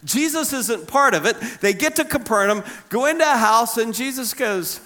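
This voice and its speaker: A middle-aged man preaching a sermon as pastor, conversational and humorous, acting out quotes with big swings in pitch. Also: lively intonation, normal speed, bright, forceful tone.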